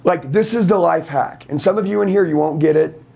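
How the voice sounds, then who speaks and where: A man's voice: a little high, fairly quick, vocal fry, warm tone. A man in his thirties, a sales trainer, giving a blunt, profane, confrontational motivational talk to a room full of people. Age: 30s. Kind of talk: fired-up motivational seminar talk.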